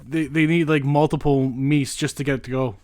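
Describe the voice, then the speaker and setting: A man's voice: on the high side, steady tone, brisk, a little mellow, dry recording, studio quality. A Canadian man hosting a podcast in casual chat, laughing often and restarting his sentences. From Greater Toronto Area, Canada. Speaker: podcast host.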